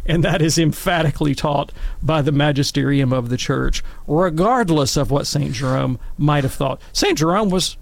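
A middle-aged man telling wry, animated stories and commenting on scripture in a casual talk. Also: on the high side, moderate pace, gravelly, few pauses, no echo. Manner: wry, animated anecdotes with acted quotes.

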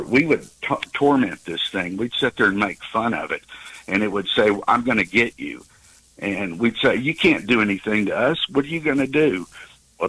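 Husky-voiced man in his sixties, halting. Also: fairly low pitch, fairly bright tone, rough recording. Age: 60s. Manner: halting, many fillers and restarts. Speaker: caller. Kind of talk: telling a personal story on a call-in show.

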